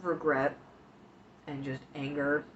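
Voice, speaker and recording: A woman streamer chatting casually with her viewers, emotional and tearful at times, talking in slow, halting bits with many pauses. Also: deep voice, level tone. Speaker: live streamer. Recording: dull lo-fi stream audio with faint hiss.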